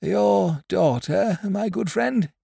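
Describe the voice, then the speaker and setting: A man voicing an odd old male stranger who speaks softly, slowly and mildly. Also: high-pitched, gravelly, slightly rough, no echo, clean studio sound, voice pushed up, full character voice. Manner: quiet, slow and measured.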